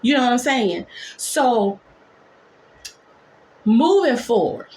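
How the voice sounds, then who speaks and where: Animated woman nurse telling a story. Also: a little high, echoey room, a little hiss or hum. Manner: animated, dramatic storytelling with fast bursts. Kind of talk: storytime vlog.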